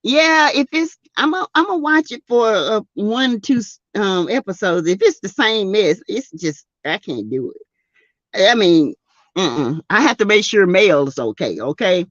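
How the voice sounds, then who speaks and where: A woman with a Southern US accent hosting a casual live stream, greeting chatters by name and laughing loudly and often. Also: medium pitch, lively intonation, a little slow, dry recording, lo-fi sound. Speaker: YouTube live-stream host. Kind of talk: casual live-stream chat reading comments.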